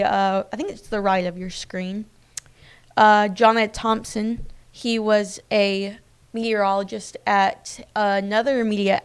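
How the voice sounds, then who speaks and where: A young woman hosts a casual streamed newscast, chatting to viewers at an everyday pitch. Her voice is smooth and clear but slips into a gravelly fry. She talks in a personal, loose way, full of fillers. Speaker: news host. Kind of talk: casual live-stream news chat.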